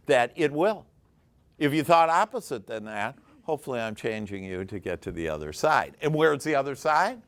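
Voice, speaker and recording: An enthusiastic man leads a small motivational workshop, speaking at a middle pitch. He chats easily with the group, breaks into laughter, and keeps a loose, conversational flow. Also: sing-song, moderate pace. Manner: enthusiastic, chatty, laughs often. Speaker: workshop leader and coach. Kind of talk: live motivational workshop talk.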